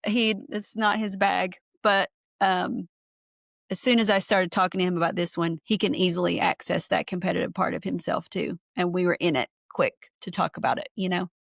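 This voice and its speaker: A woman's voice: on the low side, fairly even intonation, moderate pace, vocal fry, no room sound, studio quality. A woman hosting a casual podcast chat, thinking aloud with lots of fillers and enthusiasm. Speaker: podcast host, therapist. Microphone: remote call.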